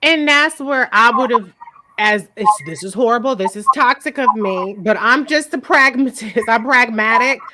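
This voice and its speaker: A woman's voice: on the high side, normal speed, background noise. A woman hosting a live show recap, talking in a blunt, profane, casual way and laughing often. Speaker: host.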